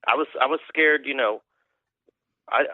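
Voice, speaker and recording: A man's voice: mid-range voice, normal speed, no room sound. Man, phone-line guest, swearing storyteller, tinny dry sound. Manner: profane, rambling storyteller. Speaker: country musician guest. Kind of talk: casual phone interview. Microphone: phone call.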